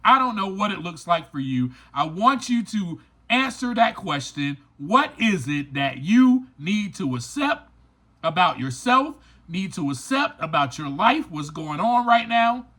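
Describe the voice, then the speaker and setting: Unhurried and sing-song, a man with a high-pitched, pushed, bright voice delivers a motivational recovery podcast monologue as its host. He speaks informally and directly to listeners, emphatic and preachy, repeating lines for stress.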